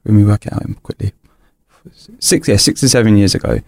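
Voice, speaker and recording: A man's voice: on the low side, a little fast, gravelly, darkish tone, no room sound, clean studio sound. A young man, a podcast guest, candidly telling a personal story in an earnest, rambling way, full of restarts and fillers.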